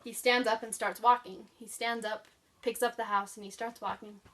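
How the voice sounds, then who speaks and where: A woman's voice: on the high side, little pitch movement, normal speed, a bit bright. A woman chatting casually about her favorite childhood books, rambling and enthusiastic with lots of fillers. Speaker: book vlogger. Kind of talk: casual book review chat. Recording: voice picked up from a distance.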